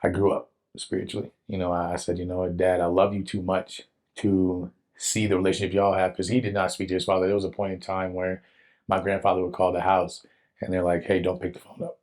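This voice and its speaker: A young man telling a personal faith testimony in an earnest, animated way, with casual slang. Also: low-pitched, a little fast. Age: young adult. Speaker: guest telling his testimony.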